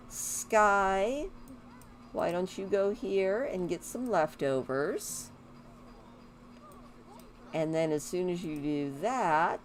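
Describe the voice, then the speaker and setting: A woman with a lowish voice talks her way through a life-simulation game at an unhurried pace. She rambles casually and coaxes her characters along. A faint hum of noise sits under her voice. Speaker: gaming YouTuber. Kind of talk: casual let's-play commentary.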